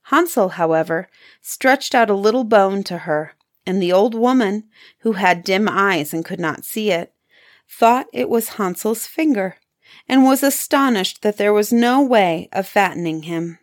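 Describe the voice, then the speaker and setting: A woman reading a fairy tale aloud as storyteller, expressive with dramatic pauses. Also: medium pitch.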